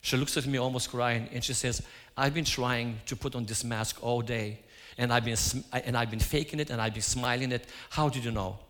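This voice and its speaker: A man's voice: medium pitch, fairly even intonation, a little fast, few pauses, fairly bright tone. A man giving a sermon, telling stories and acting out his own quoted lines. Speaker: preacher. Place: church. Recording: hall reverb.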